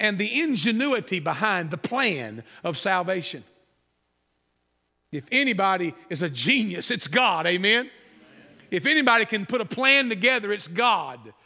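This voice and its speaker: Male pastor, high bright voice, emphatic sermon delivery, hall reverb. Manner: emphatic preaching, rising on repeated phrases and dropping low and quiet on asides.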